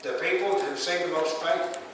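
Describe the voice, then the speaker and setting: A pastor with a voice on the high side preaches at a moderate pace, asking the congregation questions in straightforward terms. There's background noise, and the church sanctuary recording is echoey and distant.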